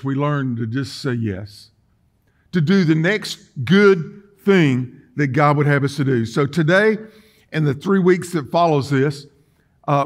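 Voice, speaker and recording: A man preaching a sermon in a church, folksy and emphatic, swinging between quiet and loud. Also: fairly high pitch. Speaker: pastor. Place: church sanctuary.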